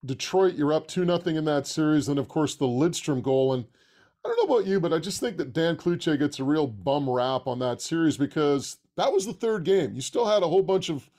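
A man's voice: a little high, animated, a little fast, darkish tone. A man hosting a sports talk show, setting up his questions with backstory in a conversational way. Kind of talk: interview questions.

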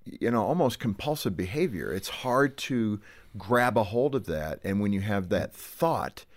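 Radio host guy, lowish voice, close dry mic, asks probing questions and jumps in a lot. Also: lively intonation, a little slow, no echo. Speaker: radio show host interviewing a couple. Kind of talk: studio interview.

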